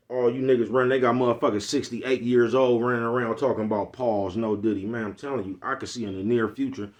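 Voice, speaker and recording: A man with an East Oakland accent talks straight to his viewers in a loose, profane rant. His pitch sits at an ordinary middle, and he keeps asking whether his listeners follow him. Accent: Bay Area Black American English. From East Oakland, California. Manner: blunt, profane street talk, repeats "you know what I'm talking about". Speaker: vlogger. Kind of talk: casual monologue.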